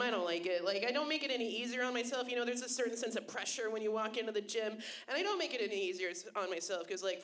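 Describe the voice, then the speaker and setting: A young woman doing a stand-up comedy set on a club stage, deadpan and self-mocking with sudden loud bursts, on a handheld mic. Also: on the high side.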